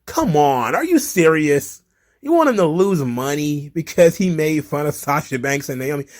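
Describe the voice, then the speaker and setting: Animated, mocking male commentary host. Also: a little high, normal speed. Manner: laughing, mocking, profane, lively. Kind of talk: casual commentary reading tweets.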